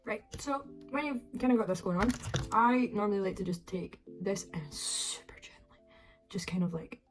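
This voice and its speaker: A woman's voice: mid-range voice, lively intonation, normal speed, faint music behind. Chatty Scottish woman, sweary and chaotic. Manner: chaotic, sweary, self-mocking chatter with sudden soft asides. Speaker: beauty vlogger. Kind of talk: chatty makeup tutorial. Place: her flat at home.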